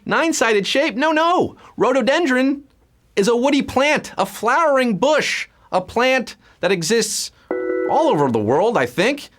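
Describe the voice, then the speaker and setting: High-voiced playful quiz host, man. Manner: playful, punning, lively hype. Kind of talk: live trivia game hosting.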